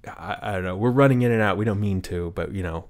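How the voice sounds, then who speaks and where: A man's voice: lowish voice, fast talker, lightly acted. A man mimicking a little girl as he retells a story, in a casual, offhand way. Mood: chirpy. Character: chirpy little girl handing out stickers.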